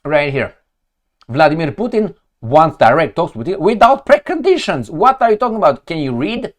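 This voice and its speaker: A man's voice: on the high side, big pitch swings, normal speed. A man who reads news headlines aloud and reacts to them with sarcastic, heated mockery. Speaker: political commentator.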